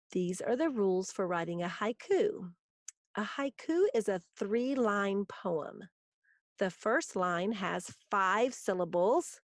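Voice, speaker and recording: A woman teaches a recorded grammar lesson at an unhurried, deliberate pace. She walks through each rule step by step with patience, her voice sitting in the middle of the range. The sound is dry and close, with no room around it. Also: mid-range voice, no echo.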